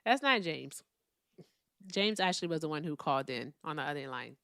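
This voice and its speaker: A woman's voice: low-pitched, lively intonation, a little fast, fairly bright tone, no echo, studio quality. A woman hosting a live call-in debate stream, blunt and profane with callers, chatting casually with viewers between calls.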